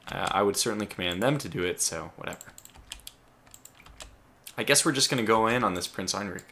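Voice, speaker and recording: Commentating on his gameplay, this male let's play host has a lowish voice with vocal fry and a sharp edge. His narration wanders aloud, full of false starts and abrupt outbursts, over the clatter of keys.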